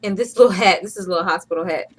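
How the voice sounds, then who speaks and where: A woman's voice: fairly low pitch, very fast, husky, rough recording. Chatty playful woman vlogger. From Atlanta, USA. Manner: chatty and playful, with bursts of laughter. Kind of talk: casual vlog chat.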